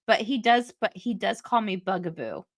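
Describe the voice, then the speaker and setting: A woman co-hosts a podcast, chatting casually in a mid-range voice at normal speed. She's an animated storyteller who laughs often.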